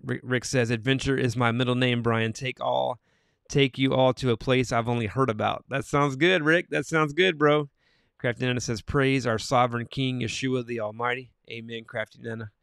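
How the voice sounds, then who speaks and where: A man hosting a Christian morning livestream, reading viewer comments aloud and answering each viewer by name, growing soft-spoken on sad news. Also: medium pitch, fairly even intonation, moderate pace, gravelly, smooth, dry recording, clean studio sound.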